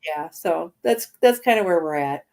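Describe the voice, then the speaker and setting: A woman's voice: lowish voice, lively intonation, moderate pace, a little mellow. A woman in her forties, a guest on an interview show, talking casually with lots of fillers and frequent laughs. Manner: chatty, laughs often, many fillers.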